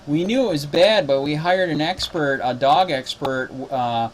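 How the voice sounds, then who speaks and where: Indignant man, activist, loose rambling recap, slightly high voice. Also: unhurried, a little hiss or hum. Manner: indignant, exasperated. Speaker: cop watch activist. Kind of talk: casual spoken recap.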